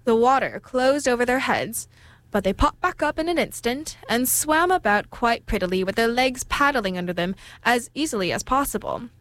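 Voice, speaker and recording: A woman reading a storybook aloud in a measured, expressive way. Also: on the high side, dry recording.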